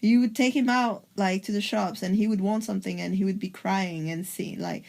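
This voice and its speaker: Woman with a creaky voice, casual chat. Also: medium pitch, normal speed. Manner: relaxed storytelling, giggly. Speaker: podcast co-host.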